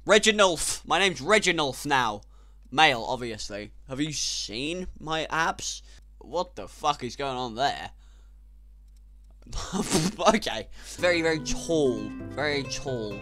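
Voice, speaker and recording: A young man giving casual, sarcastic gameplay commentary, swearing and breaking into sudden loud outbursts. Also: medium pitch, lively intonation, slow pace, soft background music. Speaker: gaming YouTuber.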